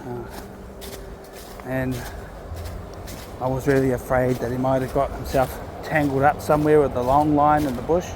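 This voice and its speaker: A man talking casually and reflectively while walking his dog in a park, sometimes calling out loudly to it. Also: mid-range voice, little pitch movement, moderate pace, long pauses, background noise. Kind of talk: casual outdoor vlog narration. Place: outdoors in a park.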